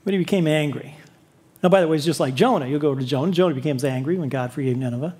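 A man's voice: on the high side, fast, a little mellow, slightly rough. A man preaching a sermon, telling a story with rhetorical questions.

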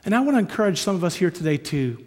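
A man's voice: high-pitched, sing-song, rapid-fire. Man preaching in an echoing hall. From Canada. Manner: earnest, storytelling, swings from hushed to emphatic. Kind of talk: sermon. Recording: long hall reverb.

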